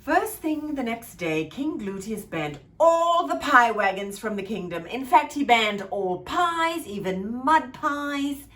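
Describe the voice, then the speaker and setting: A woman at a childcare centre reading a funny picture book aloud to children, expressive and playful. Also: a little high, slow, hardly any pauses. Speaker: childcare storyteller.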